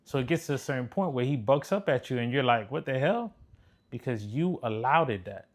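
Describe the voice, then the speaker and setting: A man speaking at a middle pitch in a blunt, preachy tone. He lectures as a relationship commentator and swears without holding back. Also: animated, fairly quick. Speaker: relationship commentator reacting to clips. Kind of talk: casual commentary.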